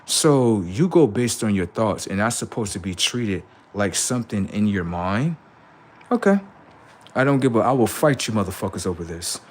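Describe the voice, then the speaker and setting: A man with a lowish voice preaching to his live chat, rambling and profane. His street slang runs throughout, and his delivery swings between quiet, low mutters and sudden high shouts. A faint hum of noise sits underneath. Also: animated, moderate pace. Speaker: livestream host. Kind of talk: live stream talk to chat.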